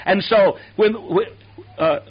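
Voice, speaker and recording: A man's voice: high voice, slow pace, breathy edge. A man preaching a sermon who calls on the congregation to answer him aloud. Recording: dull lo-fi sermon tape.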